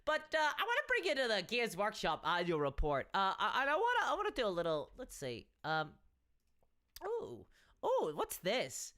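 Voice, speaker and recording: A woman's voice: mid-range voice, wildly swooping pitch, moderate pace, fairly bright tone. An Irish woman hosting a casual live stream, chatty and wry, with frequent restarts. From Ireland. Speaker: miniatures channel host.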